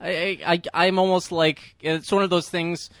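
Higher-voiced man, hesitant starts. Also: fairly even intonation, moderate pace, a bit bright, no room sound, studio quality. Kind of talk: casual movie commentary chat.

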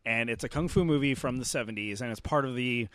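A man co-hosting a casual film podcast, retelling movie scenes with lively acted-out bits. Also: mid-range voice, quick pace, no room sound. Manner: animated storyteller, acting out scenes. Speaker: podcast co-host. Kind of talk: casual chat.

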